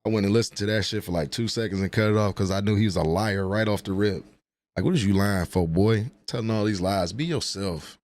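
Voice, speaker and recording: Trash-talking man with a low voice. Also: a little fast, darkish tone, dry recording. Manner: trash-talking, laughing, profane banter. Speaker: livestream host. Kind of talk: casual livestream chat.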